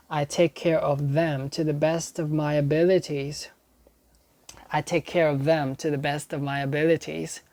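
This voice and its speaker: Slow, halting man reading dictionary entries. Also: medium pitch, gravelly, darkish tone. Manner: halting, repeats sample sentences, restarts and self-corrects. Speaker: English learner studying a dictionary. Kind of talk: reading dictionary entries aloud and explaining them.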